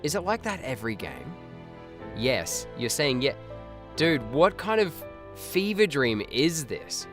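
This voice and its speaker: A tired man chatting on a home live stream while music plays behind him. He talks slowly, and his pitch swings widely as he reacts. He swears and laughs often. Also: big pitch swings. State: tired and yawning. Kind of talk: casual live-stream chat.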